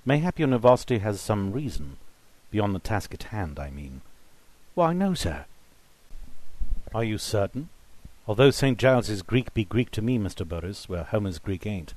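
A man voicing a suspicious, educated gentleman who speaks formally and precisely. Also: on the low side, big pitch swings, moderate pace. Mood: accusing. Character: educated, sharp-witted gentleman, male, suspicious.

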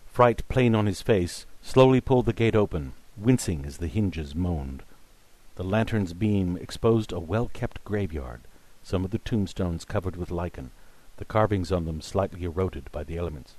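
A man reading a story aloud in steady, measured scripted narration. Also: low voice, no room sound. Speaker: audiobook narrator.

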